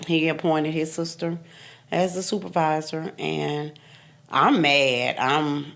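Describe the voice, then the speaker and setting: Deep, gravelly, and fairly bright, this woman's voice moves slowly with a steady tone. In her fifties and appearing as a podcast guest, she tells her own story bluntly and emphatically, repeating phrases and laughing now and then through the hard parts.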